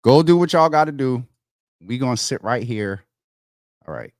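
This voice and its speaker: A man hosting a casual livestream, thinking out loud as he works through technical problems and talking straight to his viewers, calling them y'all. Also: medium pitch, animated, normal speed, no room sound, clean studio sound. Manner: thinks out loud while fixing tech problems. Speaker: livestream host.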